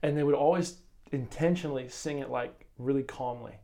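A man with a warm, mellow voice co-hosts a casual Bible lesson talk. He tells his stories with enthusiasm, stumbling and restarting as he goes. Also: mid-range voice, a little fast, vocal fry. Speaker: co-host of a Bible lesson commentary. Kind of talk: casual religious discussion.

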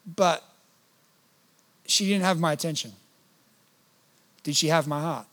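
Earnest high-voiced pastor preaching. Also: male voice, expressive, measured pace, pauses often, fairly bright tone. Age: 30s. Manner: earnest, acts out prayers in a raised, pleading voice. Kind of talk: sermon.

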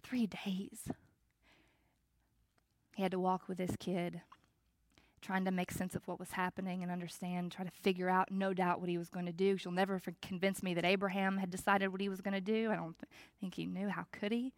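A woman pastor giving a reflective, conversational sermon with measured pauses. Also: on the low side, flat delivery, no echo.

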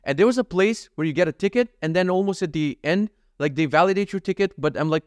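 A man's voice: on the high side, fast, few pauses, no echo, clean studio sound. A man from North Macedonia, telling a story in a casual, profane, ranting vlog monologue. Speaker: vlogger.

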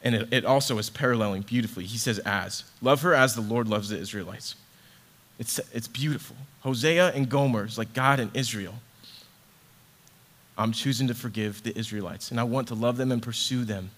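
Brief: man, mid-pitched, heartfelt devotional reading, repeats himself while reaching for words. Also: a little fast, fairly bright tone. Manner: earnest, heartfelt, repeats words as he searches for them. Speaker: church ministry associate director. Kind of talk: devotional scripture reading and reflection.

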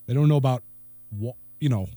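A man co-hosting talk radio, telling a story in a relaxed, lively way. His voice sits in the middle range. The studio sound is dry, with no echo. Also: mid-range voice, brisk. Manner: laughing, lively anecdote telling with quoted voices. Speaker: radio co-host. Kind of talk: casual storytelling chat. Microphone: studio microphone.

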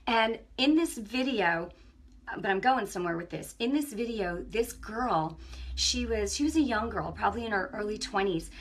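A woman giving an impassioned spiritual testimony on her own broadcast, telling stories in an animated way that swings between hushed and loud. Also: mid-range voice, normal speed. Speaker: online ministry broadcaster.

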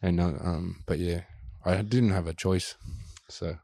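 A man co-hosting a podcast, talking in a relaxed, laid-back way with casual swearing. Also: deep voice, unhurried, creaky, no room sound, studio quality. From Australia. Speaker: podcast co-host and musician.

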